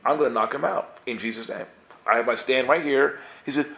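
Bright-voiced man telling a funny story. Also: mid-range voice, brisk, creaky. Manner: animated, chuckling, acts out his own thoughts. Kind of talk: humorous personal storytelling to a group.

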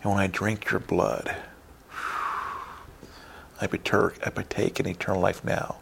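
A man preaching a lively sermon, acting out churchgoers in quick character voices and tagging lines with "right?". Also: low-pitched, creaky, background noise. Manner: acts out church members in character voices, says "right?" often. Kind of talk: animated sermon.

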